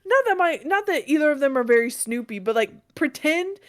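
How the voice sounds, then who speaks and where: Woman, young adult, podcast co-host, high voice, animated, laughing, dry close sound. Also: fairly quick, no room sound. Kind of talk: casual chat.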